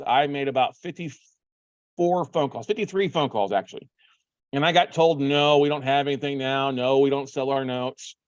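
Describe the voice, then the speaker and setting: A man's voice: mid-range voice, no room sound, dull audio. A man hosting a show, telling a story casually and acting out his own phone calls. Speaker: podcast host.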